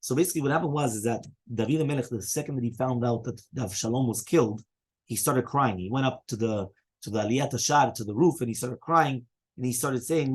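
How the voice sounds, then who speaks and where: A man teaching a casual Talmud class, quickly explaining each passage and reading out Hebrew and Aramaic quotes. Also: mid-range voice, breathy edge.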